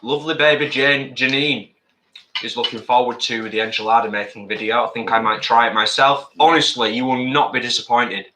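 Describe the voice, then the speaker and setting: A man's voice: medium pitch, a little fast, sharp tone, roomy sound, slight background noise. A man co-hosting a live stream, chatting over a meal and reading viewer comments aloud. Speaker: co-host reading chat. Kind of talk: casual live-stream chat while eating.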